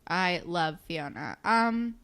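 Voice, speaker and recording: A woman's voice: lowish voice, expressive, takes it slowly, fairly bright tone, clear, resonant tone. A woman co-hosting a podcast, chatting casually and bluntly, swearing freely. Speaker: podcast co-host. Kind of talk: casual chat.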